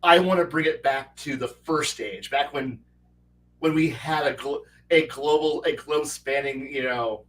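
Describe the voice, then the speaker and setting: Animated man telling game stories, far from mic. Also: a little high, a little slow. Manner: animated storyteller who acts out quoted characters; stammers and restarts often. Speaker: host and game master. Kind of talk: casual livestream chat. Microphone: online call mic. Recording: voice distant from the mic.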